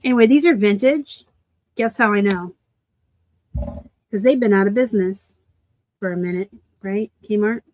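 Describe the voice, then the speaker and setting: A woman from Arizona hosting a casual live unboxing of thrift finds, chatty and quick to laugh at herself. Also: mid-range voice, darkish tone, no room sound. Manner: chatty, laughs easily, self-deprecating asides. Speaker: reseller host.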